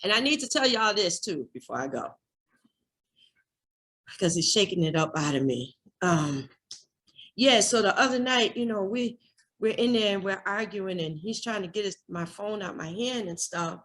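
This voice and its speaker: A woman's voice: medium pitch, animated, normal speed, a bit bright. A woman giving an emotional personal share at a recovery workshop, raw and candid, cursing freely and repeating herself.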